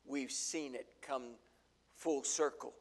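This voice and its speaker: An older male pastor giving a folksy sermon full of homespun stories. His voice is gravelly, with a middling pitch, and his delivery swells and drops as he tells the stories. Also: steady tone, takes it slowly, darkish tone. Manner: folksy storytelling, acts out quotes.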